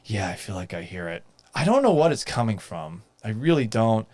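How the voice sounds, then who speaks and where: A man's voice: on the low side, sing-song, normal speed, a little mellow. A man hosting a live sports talk stream, talking casually and reading out viewer comments, exasperated and swearing, and mocking himself. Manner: reads viewer comments aloud.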